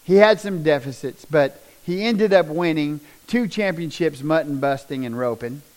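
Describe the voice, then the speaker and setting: A middle-aged man shares a testimony as a folksy storyteller. His voice sits slightly high for a man, and he swells into animated bursts of emphasis. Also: moderate pace, low-quality recording. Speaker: speaker sharing a personal testimony.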